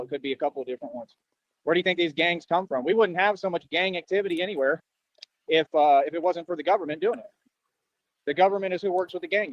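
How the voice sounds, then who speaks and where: A man's voice: fairly high pitch, dry recording, dull audio. A man rambling on at length, boastful and earnest, repeating himself often, with a way of talking. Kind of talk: rambling street monologue.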